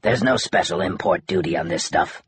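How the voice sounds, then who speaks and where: An unbothered crewman who answers in a breathy, half-voiced, offhand way, put on by a male narrator. The husky read is dry and close. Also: low voice, normal speed, no room sound. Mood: casual.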